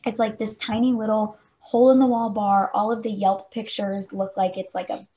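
A woman's voice: medium pitch, level tone, moderate pace, warm tone, lo-fi sound. Chatty young woman telling a story. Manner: chatty, fills speech with "like". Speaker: podcast co-host. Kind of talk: casual storytelling chat.

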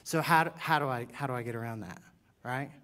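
A middle-aged man preaching a sermon as pastor, animated and joking, swinging from quiet asides to loud bursts. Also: medium pitch, fast talker.

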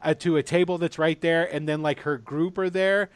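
A man narrating as game master, lively and rambling with fillers. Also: on the high side, normal speed, smooth, no echo.

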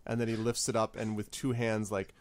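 A man narrating as game master in a relaxed, rambling way with many fillers. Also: lowish voice, brisk, background noise.

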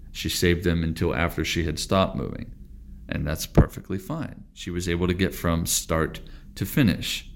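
Male Tai Chi instructor, very low voice, calm and deliberate delivery. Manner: calm, deliberate, stretches words for emphasis. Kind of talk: spoken teaching monologue.

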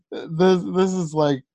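This podcast co-host is a young woman reviewing a movie in loose, casual chat, peppered with "like" and small laughs. She speaks on the low side with a slightly rough voice, and there's no echo.

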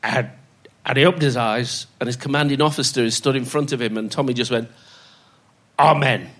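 A man's voice: medium pitch, fairly even intonation, brisk, fairly bright tone. An older man telling stories as a podcast guest, laughing as he goes and doing the voices of the people he quotes. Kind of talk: anecdotal storytelling.

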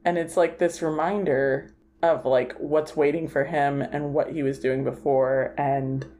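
A woman's voice: sits low, fairly even intonation, measured pace, dark tone. A woman co-hosting a podcast, chatting casually about a film and retelling its scenes with lots of "like" fillers. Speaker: podcast co-host.

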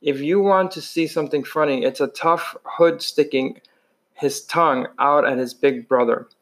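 A man's voice: fairly high pitch, normal speed, fairly bright tone. A man reading a novel chapter aloud in a plain voice, with frequent slips and restarts. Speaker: reader.

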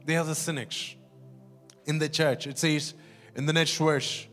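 Male preacher, fairly high voice, earnest sermon delivery with faint music underneath. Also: steady tone, a little slow, fairly bright tone. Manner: earnest, emphatic, repeats words, asks the congregation questions.

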